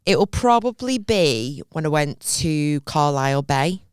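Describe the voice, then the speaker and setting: A young woman, co-hosting a podcast and telling a story with lively acted-out reactions. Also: sits low, unhurried, smooth, no room sound, studio quality. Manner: animated storyteller, acts out her own reactions. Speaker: podcast co-host. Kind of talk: casual chat.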